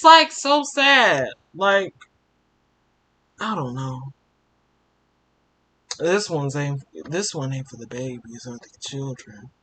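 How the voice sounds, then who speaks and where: A man's voice: fairly high pitch, pushed and bright. A young man reading a fan fiction story aloud for his channel, emotional, often stopping to comment and sigh. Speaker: storytime YouTuber.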